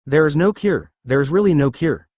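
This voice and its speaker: An exasperated male ninja leader, pressing and short on patience, read out by a male narrator. The delivery is quick and lively in pitch, with a close, dry sound. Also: dry recording.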